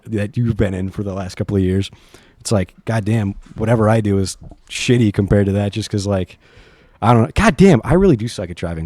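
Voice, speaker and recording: A man's voice: fairly low pitch, warm tone, dry recording, clean studio sound. Rambling, swearing young man reading stories. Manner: rambling, profane, laughs often. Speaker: vlogger reading online stories. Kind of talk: casual chat reading stories aloud.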